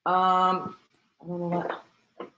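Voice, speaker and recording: A woman hosts a casual livestream and chats freely, greeting her viewers by name. Her voice is bright and forceful, and it rings in an echoey room. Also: on the low side, monotone, very slow, dull audio, slight background noise. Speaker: host.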